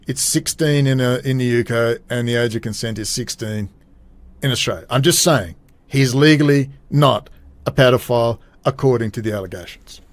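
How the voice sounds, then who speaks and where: A man's voice: mid-range voice, normal speed, dry recording. A man hosting a solo podcast, rambling and blunt, swearing freely and trailing off mid-thought. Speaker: podcast host. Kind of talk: casual solo commentary.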